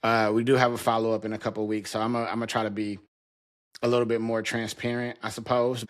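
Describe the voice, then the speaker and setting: A man's voice: on the low side, little pitch movement, fast talker. A man in his thirties or forties hosting a casual solo podcast, venting frankly and with heavy swearing, recorded alone in his home basement while talking to a camera. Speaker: podcast host.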